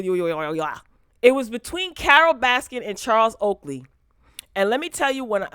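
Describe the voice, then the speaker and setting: Woman, vlog host, mid-pitched, animated and sassy, chats right to viewers on a dry close mic. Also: moderate pace, no echo. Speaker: host of a pop culture talk show. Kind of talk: casual commentary vlog. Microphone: close desk mic.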